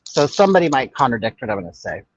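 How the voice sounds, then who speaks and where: Blunt gossipy older guy chatting with viewers, kinda husky, muffled dry sound. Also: mid-range voice, very animated, rapid-fire. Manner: sassy, gossipy, blunt, with frequent restarts. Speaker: livestream host. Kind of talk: casual chat reading viewer comments. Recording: dull, muffled dry audio.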